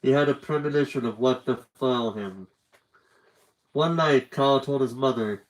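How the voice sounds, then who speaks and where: A man reads a book aloud on a livestream. His voice sits at a middling pitch for a man, and his storytelling is steady and earnest. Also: moderate pace, rough recording. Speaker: reader.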